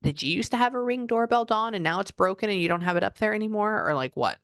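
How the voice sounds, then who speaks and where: A woman's voice: medium pitch, expressive, fast talker, no room sound, studio quality. A woman psychic medium giving a casual reading, thinking aloud and exclaiming often.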